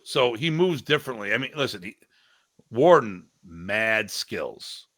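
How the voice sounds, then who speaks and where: A man's voice: fairly low pitch, unhurried, no room sound. A middle-aged man, a martial arts instructor, telling stories in a casual podcast discussion and often mimicking others. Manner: animated storyteller, mimics others' voices.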